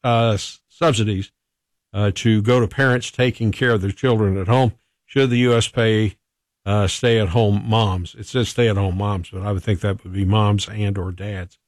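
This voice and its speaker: A man's voice: lowish voice, fairly even intonation, moderate pace, dry recording. Male radio host, casual and chatty, laughs a lot, dry close mic. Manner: chatty, laughs often, reads listener texts. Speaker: radio morning show host.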